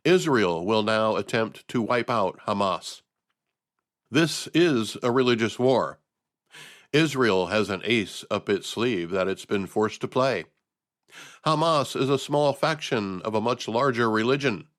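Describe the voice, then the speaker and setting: A man's voice: fairly low pitch, lively intonation, a little slow, a bit bright. A man hosting a podcast, reading a scripted news commentary with dry, sardonic humor. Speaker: podcast host.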